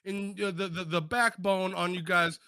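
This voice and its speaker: A man's voice: high voice, flat delivery, normal speed, pushed and bright, smooth, no echo, clean studio sound. A man co-hosting a casual gaming podcast, mocking and slangy, tripping over restarts as he talks. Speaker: podcast co-host.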